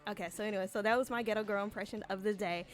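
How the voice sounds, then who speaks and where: A woman's voice: medium pitch, steady tone, racing, soft background music. A woman hosting a podcast in a casual, chatty monologue, rambling with lots of fillers. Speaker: podcast host.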